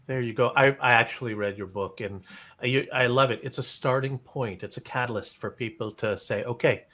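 A man's voice: mid-range voice, brisk. Effusive male podcast host. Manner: warm praise with many restarts. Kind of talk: interview chat.

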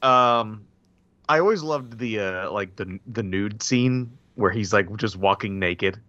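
A man guesting on a casual movie podcast, talking haltingly with many fillers. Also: on the low side, a bit bright, no room sound. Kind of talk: casual movie-discussion chat. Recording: dry, dull lo-fi audio.

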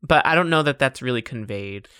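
Wry let's play host, bright tone, lively pitch. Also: a little fast, smooth, no echo, clean studio sound. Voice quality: bright, wry, laughs often. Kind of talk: casual gameplay chat.

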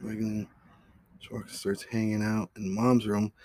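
A man's voice: lowish voice, little pitch movement, takes it slowly, a little mellow, dry recording. A man hosting his own podcast, telling a story in a rambling, profane, casual way. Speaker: podcast host.

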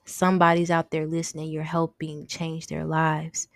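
A woman's voice: low-pitched, monotone, moderate pace, gravelly, no room sound, studio quality. A young woman hosting a casual faith podcast, talking earnestly and confessionally, often repeating her words. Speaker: podcast host.

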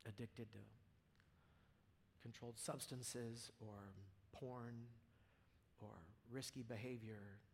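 Guy preaching to a church crowd, medium voice, goes real quiet then gets loud and worked up. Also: medium pitch, steady tone, slow, pauses often, a little hiss or hum. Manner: casual preaching, swings from hushed to loud and fervent. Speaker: pastor. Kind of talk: sermon. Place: church hall with audience.

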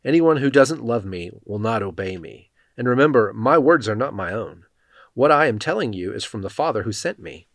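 A man giving a measured, even reading of Bible passages, speaking the quoted lines in his own voice. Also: mid-range voice, dry recording. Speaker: scripture reader.

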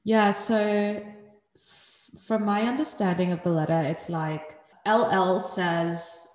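A woman's voice: lowish voice, slow. A woman co-hosting a podcast, talking through a listener's problem in a thoughtful, casual way. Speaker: podcast co-host. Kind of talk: casual advice chat. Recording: roomy with long reverb.

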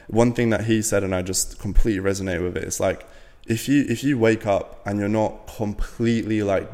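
A young man from Latvia speaks in a fairly low voice, talking casually as a podcast guest. He is blunt, swears freely, and fills his sentences with "like" and "you know". His voice rings with a long reverb, as if in a large room. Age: 20s. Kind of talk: casual interview talk.

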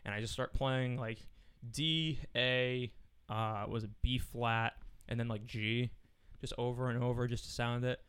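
A man's voice: mid-range voice, steady tone, unhurried, fairly bright tone, smooth. A man in his twenties, a musician guest on a podcast, talking casually in long rambling stories with lots of swearing and laughing. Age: 20s. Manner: rambling, profane, laughs often.

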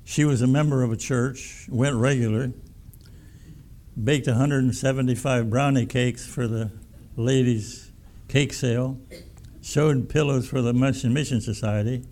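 A man's voice: mid-range voice, dark tone. A pastor preaching a sermon in a folksy, emphatic way, often repeating his words.

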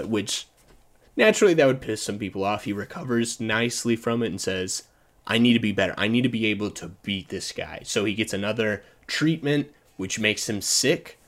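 A man with a somewhat low voice talks into a desk mic as the host of a solo movie review podcast. He rambles casually, restarts his sentences and chuckles often as he goes.

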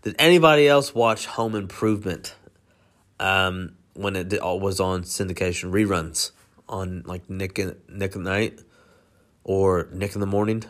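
A man's voice: low voice, a bit bright. A young adult man giving casual movie reaction commentary, rambling with lots of fillers and swearing. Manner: rambling, profane, full of fillers. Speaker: movie reviewer.

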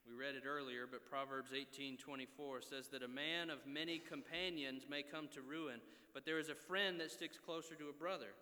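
A man in his thirties preaching a sermon, earnest and exhorting, often checking in with his listeners with a quick "right?". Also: medium pitch, fairly even intonation, pushed and bright. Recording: long reverb of a large hall.

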